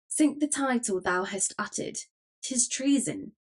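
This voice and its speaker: A man's voice: extremely high pitch, lively intonation, measured pace, voice pushed up, full character voice. A woman voicing a burly, good-natured male rogue leader in an audiobook, speaking firmly and with command.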